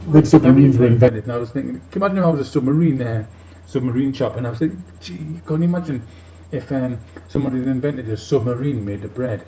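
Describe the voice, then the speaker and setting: In a comic monologue, a man plays a tipsy male robot leader, earnest and rambling off on tangents with many fillers. His mid-range voice is warm and close to everyday speech, moving quickly with hardly any pauses. The recording sounds muffled and roomy with faint hiss.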